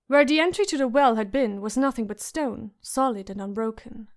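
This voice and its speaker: Woman reading an audiobook, slow and suspenseful, slightly high voice. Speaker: audiobook narrator. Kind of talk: scripted narration.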